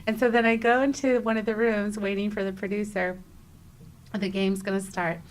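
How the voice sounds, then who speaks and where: A young adult woman, a podcast guest, telling a personal story in a casual interview, animated and acting out her own exclamations, with frequent restarts. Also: mid-range voice, normal speed.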